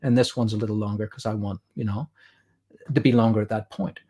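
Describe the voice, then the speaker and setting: A man's voice: on the low side, steady tone, fairly quick, warm tone, slightly rough. A man with an Irish accent, a guest artist chatting and explaining while he draws on a livestream. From Ireland. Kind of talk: drawing demo chat on a livestream.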